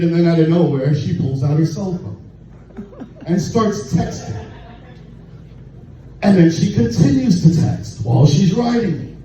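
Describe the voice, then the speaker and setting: A man tells a raunchy story deadpan from an open mic stage, his voice a touch high. He sounds distant in a very echoey bar, the sound dull and lo-fi with clear background noise. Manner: crude, deadpan storytelling with laughs. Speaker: stand-up comedian. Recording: echoey, distant, muffled room recording with noise.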